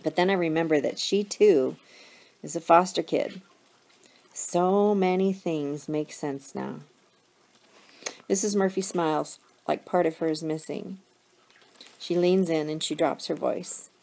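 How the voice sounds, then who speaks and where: A woman's voice: low-pitched, measured pace, gravelly, pauses often, a little mellow. A woman teacher reading a novel aloud to her class, telling it expressively in the first person.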